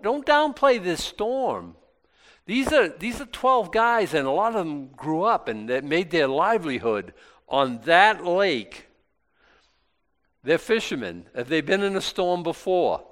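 A man's voice: on the high side, fairly bright tone. A male pastor giving an informal Bible talk, chatty and self-deprecating, with many restarts. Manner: conversational, rambling with many restarts; self-deprecating and lightly joking.

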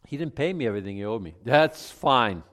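A middle-aged male pastor preaching in a conversational way, breaking into loud emphatic outbursts. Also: mid-range voice, lively intonation, fairly quick. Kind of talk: sermon.

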